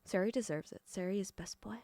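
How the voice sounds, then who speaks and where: A woman's voice: medium pitch, dark tone, dry recording. A young woman livestreaming in casual chat, rambling, swearing and stumbling over her words. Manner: rambling, swearing, quick self-corrections.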